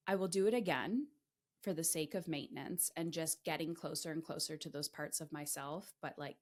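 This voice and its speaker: Emphatic, swearing woman podcast host. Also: low voice. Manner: emphatic, swears freely, animated retellings. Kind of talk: candid conversational storytelling.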